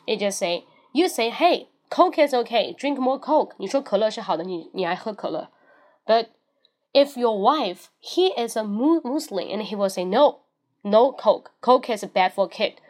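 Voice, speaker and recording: A woman whose first language is Chinese hosts a casual bilingual livestream as an English teacher. She mixes Chinese and English and spells words out letter by letter in a mid-range voice.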